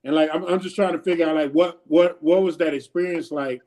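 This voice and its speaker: A man co-hosting a podcast, asking a guest questions in a halting, repetitive way. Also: fairly high pitch, steady tone, darkish tone. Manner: halting, repeats himself while asking. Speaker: podcast co-host, coach. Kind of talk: casual interview chat.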